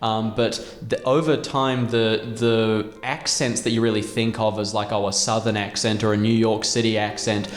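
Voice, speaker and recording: A man's voice: fairly low pitch, flat delivery, moderate pace, few pauses. An Australian man explaining ideas in a casual, nerdy conversation, with lots of fillers and restarts. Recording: roomy echo.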